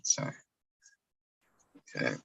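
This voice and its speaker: A man's voice: slow pace, sharp tone, poor audio. A man talking casually as a podcast guest, rambling and sarcastic, with some swearing, about his years as a photographer. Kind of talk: casual chat.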